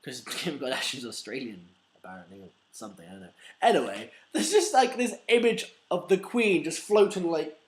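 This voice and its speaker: A man's voice: on the high side, expressive, brisk, few pauses. A man telling a rambling, swearing comedic story in a casual vlog. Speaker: vlogger.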